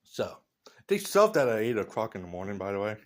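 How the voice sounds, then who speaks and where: A man's voice: fairly low pitch, very animated, a little fast. A man in a casual vlog, rambling through blunt opinions with loose asides. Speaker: vlogger.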